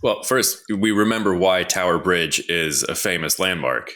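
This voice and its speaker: A man's voice: low-pitched, normal speed, bright, forceful tone. A man competing on a comedy podcast, pushing mock-serious conspiracy theories with a straight face. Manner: mock-serious conspiracy talk, dry jokes. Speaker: contestant.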